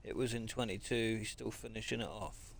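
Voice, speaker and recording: A man's voice: fairly low pitch, fairly even intonation, a little fast, gravelly, a little hiss or hum. A man, chatting casually with viewers on a live game stream and greeting them as mate. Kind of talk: live-stream chat while gaming.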